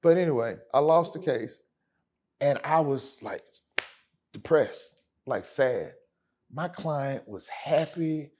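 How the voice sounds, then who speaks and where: A man's voice: on the high side, expressive, slow, darkish tone. A man speaking as a lawyer guest in a casual interview, telling stories in an emphatic, slangy way. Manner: emphatic, slangy, addresses host as man and brother.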